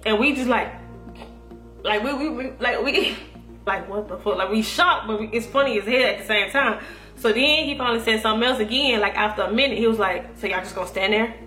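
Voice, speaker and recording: A young woman telling a profane, animated story to her viewers, quoting herself and her friends as she goes. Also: a little high, brisk. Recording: echoey room with faint music.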